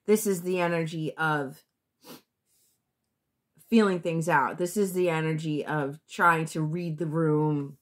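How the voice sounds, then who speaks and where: Woman, tarot reader, casual reading to camera, slow delivery, lower-pitched voice, blunt, profane, halting restarts. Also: fairly even intonation.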